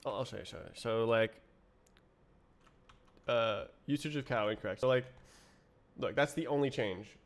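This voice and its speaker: A man streaming himself writing code, muttering to himself, puzzled and halting, with keyboard typing behind him. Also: mid-range voice. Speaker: streamer coding live. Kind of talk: casual livestream coding chat.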